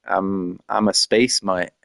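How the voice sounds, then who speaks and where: A man's voice: low-pitched, steady tone, takes it slowly, creaky, fairly bright tone, dry recording. A man chatting casually on a live stream, rambling with many fillers and frequent laughs.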